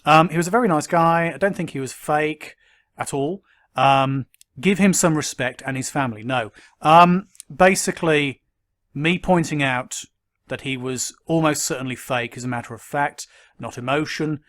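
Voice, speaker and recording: A man's voice: a little high, fairly bright tone. Man giving skeptical commentary. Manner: measured and critical, many ums and uhs. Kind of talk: argumentative commentary to camera.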